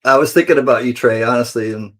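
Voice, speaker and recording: Talking at a quick pace in a mid-range voice, a livestream host keeps things casual and playful. He calls out viewers by name and laughs a lot as he chats with them.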